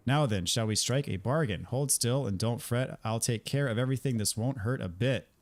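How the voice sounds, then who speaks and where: A man voicing a scheming, greedy male stone statue who deals in life and power, reading the lines aloud in a smooth bargaining manner. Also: medium pitch, normal speed, a little hiss or hum, close to an everyday voice.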